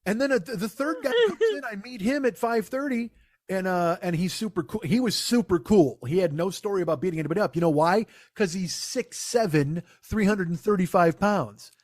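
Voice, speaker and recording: A man doing stand-up, telling a long profane story with exasperated, animated delivery. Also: high voice, brisk, no echo, studio quality. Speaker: stand-up comedian.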